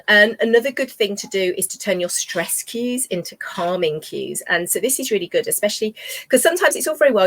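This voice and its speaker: A woman's voice: lowish voice, fairly bright tone, no echo. A middle-aged woman, chatting casually to camera about walking reactive dogs, rambling with lots of ums and you knows. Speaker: dog trainer vlogger. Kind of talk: casual talk to camera while dog walking. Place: outdoors on a walk.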